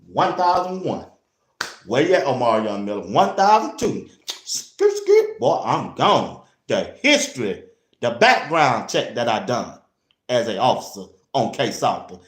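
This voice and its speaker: A man hosting a casual sports talk show, blunt and animated, speaking straight to his listeners. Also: lowish voice. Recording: roomy echo.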